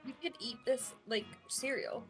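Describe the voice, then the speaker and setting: A woman takes part in a tabletop game, making playful, joking asides. Her voice sits high and sounds bright and crisp. Faint music plays in the background. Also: moderate pace. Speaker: player.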